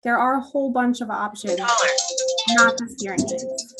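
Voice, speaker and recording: A woman's voice: fairly high pitch, unhurried, music in the background. Woman explaining hearing care on a video call. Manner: plain explanatory tone with frequent ums and you knows. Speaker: audiologist presenter. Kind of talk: virtual presentation talk. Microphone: computer mic on a video call.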